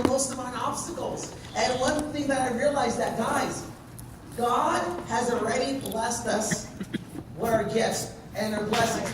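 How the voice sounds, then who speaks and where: A man giving an energetic motivational talk to a sales team, telling stories and checking in with his audience as he goes. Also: extremely high pitch. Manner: animated, keeps checking in with the audience. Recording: very echoey room, voice from far off, noisy.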